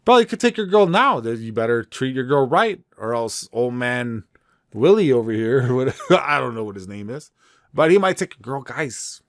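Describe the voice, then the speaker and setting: A man's voice: medium pitch, very animated, moderate pace. A man with a Canadian accent hosting a reaction video, chatting casually and addressing viewers as guys.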